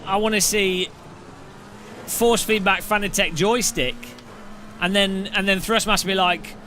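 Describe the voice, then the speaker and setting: A man's voice: sits high, steady tone, a little slow, long pauses, sharp tone, slight background noise. A man chatting casually on a live stream, rambling and jokey, laughing often.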